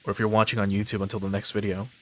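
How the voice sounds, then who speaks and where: A man streaming a visual novel, reading the narration aloud at a steady pace with small stumbles. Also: fairly low pitch, rapid-fire. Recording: faint game music underneath.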